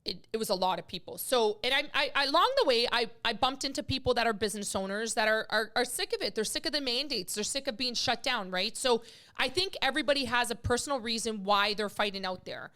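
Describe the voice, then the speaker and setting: A woman's voice: fairly high pitch, quick pace, pushed and bright. A middle-aged woman hosting a podcast, talking in an emotional, rambling way full of fillers. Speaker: podcast host. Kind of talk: casual podcast chat.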